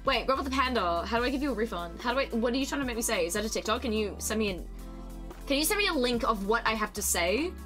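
A woman streaming live, chatting casually with her viewers, excitable and quick to swear, with a desk mic. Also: on the high side, music in the background. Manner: chatty and excitable, swears freely, shrieks when surprised.

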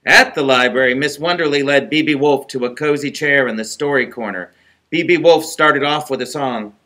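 A middle-aged man, a library director, reading a children's book aloud in an animated, expressive way. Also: medium pitch, moderate pace.

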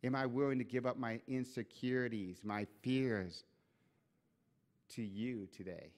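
A man preaching a church sermon, telling a scripture story with lively acted-out voices and asides. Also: mid-range voice, unhurried. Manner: animated storytelling, acts out quoted voices. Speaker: pastor. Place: church sanctuary.

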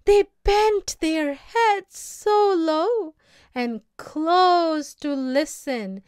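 A woman reading a folk tale aloud as storybook narration, slow and expressive. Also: very high voice, no echo, clean studio sound. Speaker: reader.

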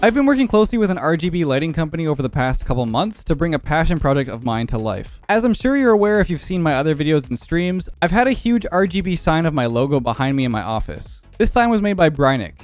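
Lively high-voiced young gaming host. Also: male voice, soft background music. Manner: excited, quick, laughing often. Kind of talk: upbeat gaming commentary.

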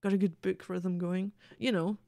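A woman's voice: mid-range voice, flat delivery, normal speed, gravelly, mellow, no room sound, clean studio sound. A woman streaming a game, reading its texts aloud and cracking sardonic, profane jokes in casual commentary.

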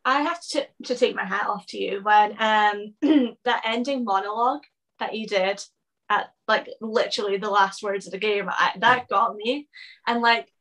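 A woman hosts a relaxed interview with a medium-pitched voice. She talks loosely and with enthusiasm. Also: moderate pace, poor audio. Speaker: interviewer host. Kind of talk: casual interview chat.

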